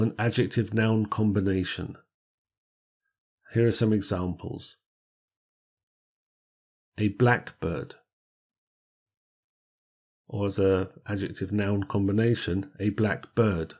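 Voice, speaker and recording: A man teaching an English grammar lesson, reading word lists slowly with careful stress on each word. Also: lowish voice, fairly even intonation, dark tone.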